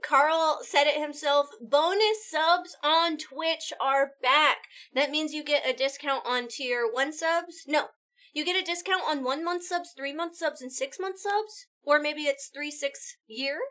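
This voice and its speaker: A woman live-streaming and chatting casually with her viewers, bubbly and excitable, quickly thanking people as they chip in. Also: high-pitched.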